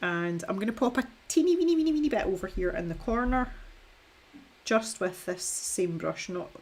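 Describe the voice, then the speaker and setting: Her medium-pitched voice has lively intonation and a moderate pace. She's a young Scottish art streamer who paints live, rambling on, joking at her own expense, and breaking into frequent laughter.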